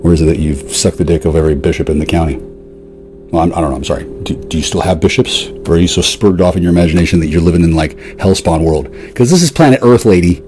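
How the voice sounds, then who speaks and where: A vlogger fires off a profane, sarcastic, confrontational rant at a woman who isn't there, lurching from jeering outbursts to muttered asides. He talks fast in a warm voice, with a little hiss or hum in the recording.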